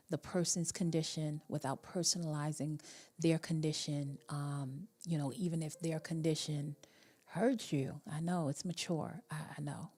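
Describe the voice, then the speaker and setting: Low-voiced woman coaching on relationships. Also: dark tone, slightly rough. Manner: reflective, meandering, many fillers and restarts. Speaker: relationship coach hosting a live call-in show. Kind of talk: casual live-stream talk.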